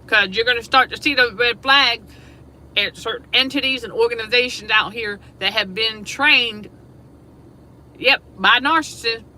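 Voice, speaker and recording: Woman host, piercing bright voice, repetitive and emphatic, laughs a lot, faint hum in the room. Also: on the high side, normal speed, low-quality recording. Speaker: show host. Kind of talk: casual spiritual talk livestream. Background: air conditioner hum.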